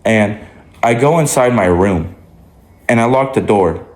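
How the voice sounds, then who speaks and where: A man's voice: on the low side, animated, a little slow. Rambling man telling a story in an echoey room. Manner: rambling, many likes and restarts. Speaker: vlogger. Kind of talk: casual storytime monologue. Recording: roomy echo.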